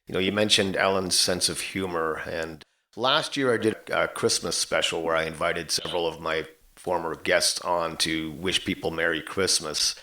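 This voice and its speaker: Lower-voiced male podcast host. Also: steady tone, normal speed, sharp tone. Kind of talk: interview.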